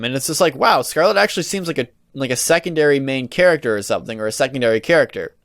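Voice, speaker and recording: A man's voice: mid-range voice, lively intonation, fast talker, few pauses, a bit bright, no echo, clean studio sound. A young man hosting a solo podcast, ranting in an exasperated, rambling way with lots of restarts and swearing. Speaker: podcast host. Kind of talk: casual solo podcast rant.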